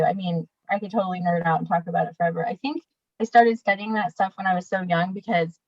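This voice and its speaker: A woman's voice: medium pitch, no room sound. A young woman, a guest, talking candidly with lots of fillers and laughs over a video call. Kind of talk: casual interview chat. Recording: dull dry video call audio.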